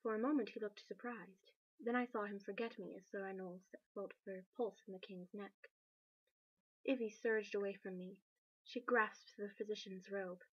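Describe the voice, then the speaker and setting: A woman reading a novel aloud in a steady, measured narration. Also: mid-range voice, husky, no echo, highs cut off. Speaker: reader.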